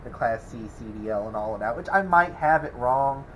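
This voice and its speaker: A man's voice: medium pitch, lively intonation, fairly quick, fairly bright tone, slight background noise, poor audio. A man, rambling in a casual vlog, chuckling and exasperated as he answers a troll. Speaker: welding channel host. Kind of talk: casual vlog talk to camera.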